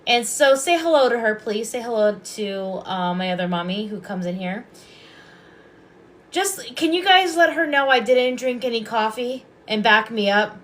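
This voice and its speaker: A woman's voice: on the high side, expressive, moderate pace. A woman hosting a casual livestream as a Reiki and hypnosis practitioner, chatty, affectionate and rambling.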